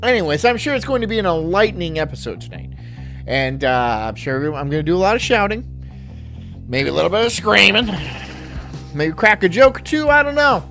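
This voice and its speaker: Casting note: high-voiced man, a lively and mocking stream host, faint music behind. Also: fairly quick. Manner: mocking, loud, repeats jokes. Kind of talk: reaction stream commentary.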